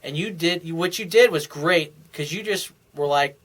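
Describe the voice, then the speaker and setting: A man's voice: fairly high pitch, moderate pace, few pauses, a bit bright. A man talking as a dating coach, giving casual advice in a blunt, frank and profane way, often restarting his sentences.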